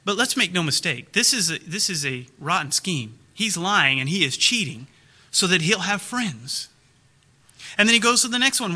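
A man preaching a sermon as pastor, retelling a parable with lively acted-out dialogue. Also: sits high, normal speed. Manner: animated storytelling, acts out characters' lines.

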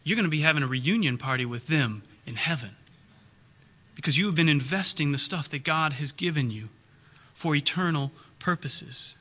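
A man preaching a sermon as pastor, retelling a parable with lively acted-out dialogue. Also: a little high, moderate pace. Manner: animated storytelling, acts out characters' lines.

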